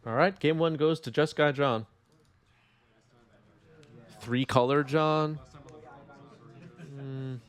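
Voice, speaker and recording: A man's voice: fairly high pitch, fairly even intonation, slow pace, long pauses, smooth. A man with a New York accent commentating a live card game stream, wry and reading chat aloud.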